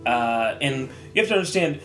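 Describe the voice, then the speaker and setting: A man's voice: mid-range voice, big pitch swings, moderate pace, a bit bright, soft background music. A man co-hosting a casual podcast, teasing the others with dry jokes. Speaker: podcast co-host.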